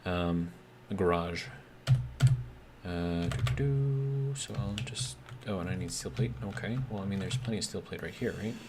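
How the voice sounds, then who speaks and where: A man with a Midwestern American accent talks over his game in a low-pitched, easygoing voice. He rambles from task to tangent, leaning on "like" and puzzled asides. Faint keyboard clatter sits behind him. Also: steady tone, a little fast, few pauses, background noise. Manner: rambling, filler-heavy, bemused asides. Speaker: game streamer. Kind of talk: casual gameplay commentary.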